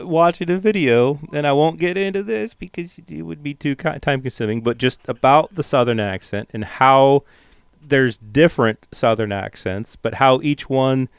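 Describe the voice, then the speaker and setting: A man's voice: medium pitch, smooth, no room sound, studio quality. Laughing, rambling male podcast co-host. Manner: rambling, self-deprecating, laughs often. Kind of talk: casual chat.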